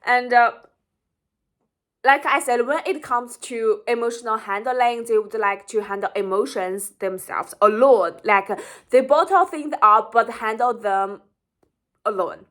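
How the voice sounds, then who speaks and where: A woman's voice: on the high side, a little slow, a bit bright. A woman giving an informal educational talk, explaining earnestly and often rephrasing herself as she goes. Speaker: psychology explainer.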